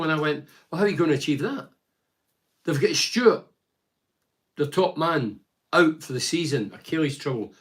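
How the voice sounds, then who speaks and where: An older man from Scotland talking casually about football as a pundit, reading out fan messages and rambling with lively asides. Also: on the high side. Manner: animated, chatty, rambling with asides. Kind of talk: casual solo football commentary.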